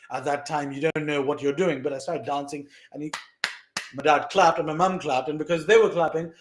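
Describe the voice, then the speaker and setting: A young man from South Asia tells a personal story in a lively, animated monologue, acting out the voices of the people he quotes. His voice sits somewhat high for a man, and his talk is loose, with plenty of fillers. The recording carries a noticeable room echo. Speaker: vlogger recounting lessons from his mother.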